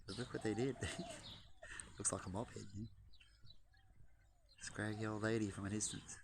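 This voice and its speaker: A man's voice: on the low side, fairly even intonation, measured pace, creaky, background noise. A man vlogging outdoors in a backyard in a casual, jokey way, chatting to camera and to the birds. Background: birds chirping.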